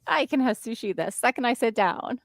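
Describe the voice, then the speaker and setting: A woman's voice: on the high side, animated, a little fast, no room sound. A woman co-hosting a casual livestream from her desk at home, chatting and reading out viewer comments. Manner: chatty, reads out viewer comments, frequent restarts. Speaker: stream co-host. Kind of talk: casual chat on a co-working livestream. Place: home living room desk.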